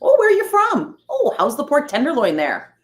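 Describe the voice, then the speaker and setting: A chirpy, nosy small-town local , as a woman puts on a mocking accent, gushes in a high, bright voice. The lines come loud and sing-song, and the sound is roomy. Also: wildly swooping pitch, normal speed. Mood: gushing.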